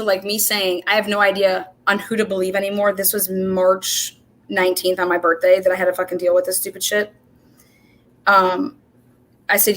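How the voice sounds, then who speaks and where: Profane, animated woman telling a story on a livestream. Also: mid-range voice, a little hiss or hum. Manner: animated storytelling, profane, quotes herself and others in dialogue. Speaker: show host. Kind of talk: casual livestream chat.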